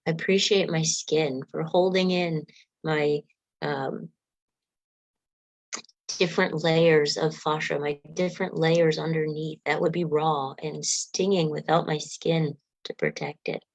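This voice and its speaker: Woman meditation guide, lower voice, dry close sound, soft unhurried coaching. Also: steady tone, no echo, low-quality recording. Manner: leads yawning and stretching exercises.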